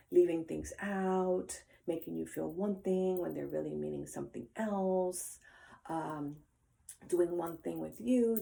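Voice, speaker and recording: An older woman speaks straight to her viewers in a heartfelt personal monologue. Her voice sits low and gravelly, with a dark, mellow tone. She rambles warmly through fillers and slips into soft, near-whispered asides. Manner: earnest, emotional, with frequent fillers and soft trailing asides. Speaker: vlogger.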